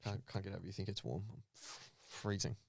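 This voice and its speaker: A man co-hosting a podcast, bantering loudly, teasing and swearing. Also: sits low, fairly quick, gravelly, no room sound. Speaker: podcast co-host. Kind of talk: casual chat.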